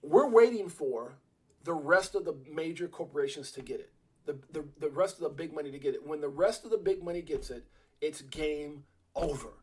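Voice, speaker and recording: A middle-aged man hosting a casual crypto livestream, talking in an excitable, repetitive storytelling way. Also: on the high side, moderate pace, breathy edge.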